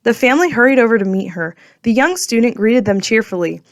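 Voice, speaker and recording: A woman narrating a children's storybook in a clear, gentle storytelling manner. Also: on the high side, expressive, fairly quick, dry recording, studio quality. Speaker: audiobook narrator.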